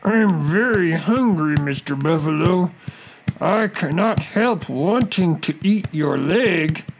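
Storybook crocodile, male, shrill and drawn-out, pleading, voiced by the narrator. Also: expressive, slight background noise. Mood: hungry. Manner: drawn-out slow pleading cries. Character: whining high-pitched male crocodile, pained then pleading.

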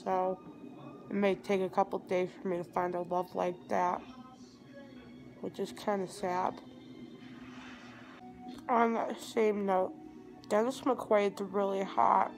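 A teenage vlogger rambles groggily into her phone, held at arm's length, while at home indoors after surgery. Her mid-range voice shows vocal fry. The audio quality is poor.

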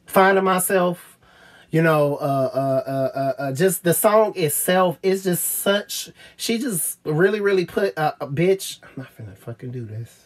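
A woman gushing over an album in a casual review vlog, swearing freely and stammering with repeated fillers, at times choking up and trailing off quietly. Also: on the low side, unhurried. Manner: gets choked up and trails off quietly. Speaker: music reviewer.

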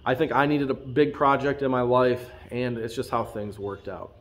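A man's voice: medium pitch, flat delivery, normal speed. A man in his thirties, a farm vlogger, talking casually and earnestly to his viewers from his farm. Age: 30s. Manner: earnest, heartfelt, thanking viewers. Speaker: farm vlogger and channel host. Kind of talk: casual talk to camera.

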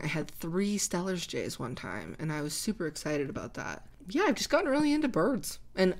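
Young woman, casual rambling chat, laughs a lot, lowish voice. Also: creaky. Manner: rambling, chatty, laughs often. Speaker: gaming channel host. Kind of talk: casual chat answering comments.

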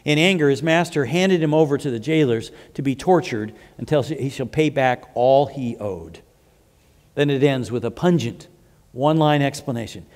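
A pastor preaches a sermon in a church sanctuary, his voice fairly high for a man and trailing a long reverb through the hall. He moves through scripture conversationally, pausing to restart phrases and tossing in asides.

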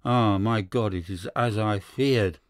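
A man reading a sharp young detective. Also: lowish voice, slow, no room sound, studio quality. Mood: alarmed.

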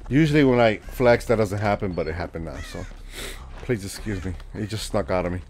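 A man's voice: fairly low pitch, brisk, darkish tone, slight background noise. A man with a stuffy nose from a cold, joking and chatting with viewers while he streams a game. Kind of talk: casual live-stream gaming commentary.

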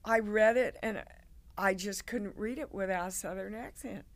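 A woman, a guest on an interview show, telling stories in an animated way and acting out the people in them. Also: mid-range voice, moderate pace. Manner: animated, acts out quoted people. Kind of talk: casual interview storytelling.

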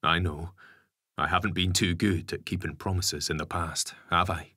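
A man's voice: sits low, fairly even intonation, normal speed, pushed and bright, dry recording, clean studio sound. A man voicing a blunt, sardonic ex-convict father in an audiobook. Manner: gruff, swears casually. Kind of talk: audiobook character voice.

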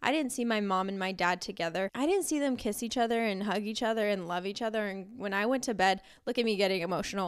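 A young woman hosts a personal faith podcast, talking in an earnest, heartfelt way with little laughs here and there. Her voice is smooth and clear, at a middling pitch. The sound is dry and close, with no room echo. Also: brisk, few pauses. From Costa Rica. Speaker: podcast host.

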